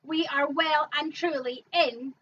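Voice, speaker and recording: A woman co-hosting a comic bingo game, briskly reading out the names. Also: high voice, fairly even intonation, recorded from a distance. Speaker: bingo co-host. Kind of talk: calling bingo numbers, casual banter. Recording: dull lo-fi mic with faint noise.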